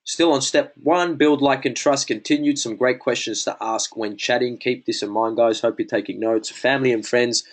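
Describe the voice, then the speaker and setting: A man's voice: medium pitch, steady tone, normal speed, hardly any pauses. A man giving a casual sales lesson, chatty and full of "bro" and "man", acting out sample conversations. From Australia. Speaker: sales coach. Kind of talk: casual teaching talk.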